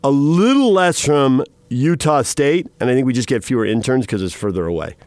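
A middle-aged man hosting a radio talk show, telling chatty stories in a casual, animated way. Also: mid-range voice, moderate pace, no room sound. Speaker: radio host.

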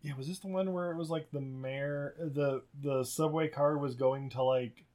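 A man's voice: on the high side, steady tone, moderate pace, a little mellow. A man co-hosting a podcast, casually recapping a movie in a rambling, profane way, laughing often. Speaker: podcast co-host.

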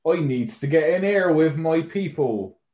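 A man's voice: a little high, lively intonation, a little slow, roomy sound, dull audio, voice pushed up. A man putting on a clumsy mock Bristolian fan. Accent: Bristolian (badly imitated). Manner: loud, clumsy mock accent.

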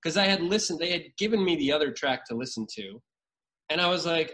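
A man's voice: fairly high pitch, animated, a little fast, a bit bright, low-quality recording. A man in his thirties, a podcast guest, chatting casually and telling stories, with many restarts. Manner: rambling storyteller with many restarts. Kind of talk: casual chat.

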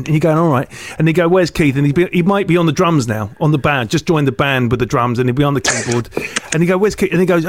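A man, a comedian guest, telling animated stories in casual podcast chat. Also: fast, slight background noise. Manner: excitable storyteller, jumps between high and low.

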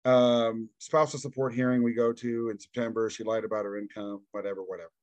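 A man's voice: lowish voice, flat delivery, a little fast, darkish tone, dry recording. A man telling a long personal story as a podcast guest, acting out the voices of the people in it and laughing often. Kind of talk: casual storytelling interview.

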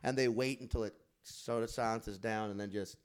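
A man in his forties telling stories in casual podcast chat, animated and profane, acting out quotes in loud bursts. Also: fairly low pitch, moderate pace, smooth. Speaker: podcast co-host.

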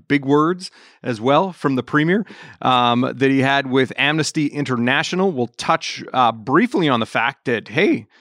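A man's voice: mid-range voice, gravelly, fairly bright tone, dry recording, clean studio sound. A man filling in as host of a podcast panel, talking in a loose, joking way with many fillers. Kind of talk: casual panel chat.

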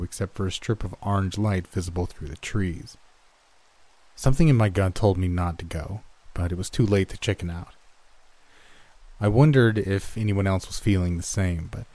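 A man reading a scary story aloud as narrator, in a steady, measured way. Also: low voice, no room sound. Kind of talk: scripted horror story narration.

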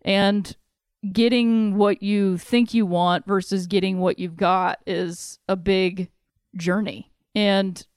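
A woman's voice: mid-range voice, steady tone, slow, a little mellow, clean tone, no room sound, studio quality. A woman talking casually about a film, chatty and laughing often, with casual swearing.

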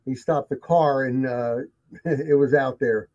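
A slow, darkish mid-range voice with fairly even intonation belongs to a guest relating his encounters. The talk is casual, emphatic and full of repetition for effect, captured in dull lo-fi audio.

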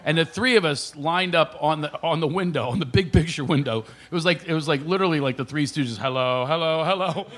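A middle-aged man from the Philadelphia area spins comic stories as a radio guest. His voice sits a little high, and he jumps into other people's voices and laughs as he goes. The delivery is loose and animated. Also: fairly quick, few pauses. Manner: animated storyteller, acts out voices, laughs often. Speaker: comedian guest. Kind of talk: storytelling on a radio show.

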